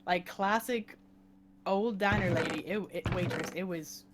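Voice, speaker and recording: A woman chatting casually with friends on a stream, telling a rambling, animated story with many restarts. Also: fairly low pitch, a little slow, background noise.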